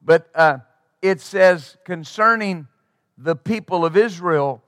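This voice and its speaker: A man's voice: sits high, takes it slowly, fairly bright tone, dry recording, clean studio sound. A man preaching a sermon as pastor, emphatic and acting out the replies of the people he quotes.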